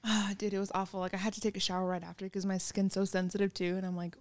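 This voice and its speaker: A woman's voice: mid-range voice, fast, dry recording. A young woman co-hosting a casual podcast, recounting a story candidly and profanely. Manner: candid, profane, animated retelling.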